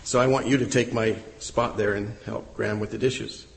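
A man's voice: on the low side, steady tone, normal speed, gravelly, long reverb tail, rough recording. A man pastor delivering a sermon, telling a story and then teaching with emphatic repetition.

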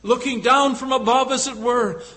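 A man's voice: very high voice, steady tone, moderate pace, sharp tone, rough recording. A male preacher delivering a sermon, retelling a scripture story with rhetorical questions and frequent hesitant fillers.

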